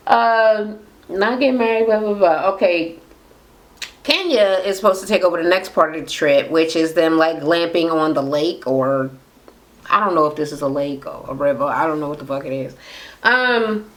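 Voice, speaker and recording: A woman's voice: lowish voice, fairly bright tone. A young woman casually recapping a reality show, sassy and profane, tossing in mocking voices of the cast. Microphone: camera mic.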